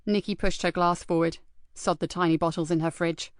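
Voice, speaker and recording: A woman narrating an audiobook in a measured, even storytelling manner. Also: fairly low pitch, smooth, no echo, studio quality. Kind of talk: scripted narration.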